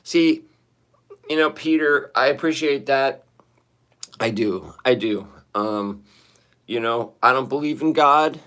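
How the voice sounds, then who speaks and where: A man on a casual live stream from his bathroom, rambling and swearing to his viewers, his voice hoarse and shaky after singing. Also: medium pitch, slow, pauses often, sharp tone. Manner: rambling, profane, talking to chat. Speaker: livestreamer. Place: sitting in a bathroom.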